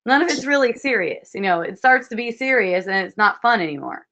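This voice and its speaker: Brief: woman spiritual teacher, gentle and repetitive delivery, slightly high voice, dull lo-fi call sound. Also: expressive, a little fast. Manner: soft, repetitive, frequently asks "see?". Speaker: spiritual teacher hosting a dialogue. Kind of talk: gentle spiritual guidance talk. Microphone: video call.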